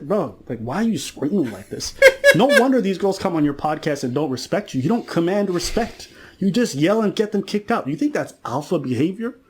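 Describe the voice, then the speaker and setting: A man ranting on a podcast, mocking and telling stories while acting out other people's lines. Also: on the high side. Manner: mocking, acts out quotes, storytelling. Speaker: podcast commentator. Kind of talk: casual podcast rant.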